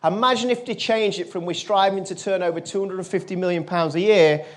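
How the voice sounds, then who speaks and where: A man giving a motivational keynote, telling a personal story to a live audience and turning quiet in the emotional moments. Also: high-pitched, fairly quick. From England. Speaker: motivational speaker. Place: conference stage.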